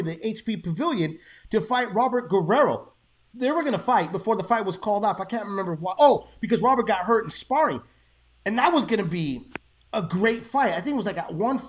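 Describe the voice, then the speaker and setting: A man in his thirties with a fairly high voice. He hosts a boxing show in a laid-back, chatty way, swearing freely as he tells stories. He slips into Spanish now and then. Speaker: boxing podcast host. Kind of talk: casual chat.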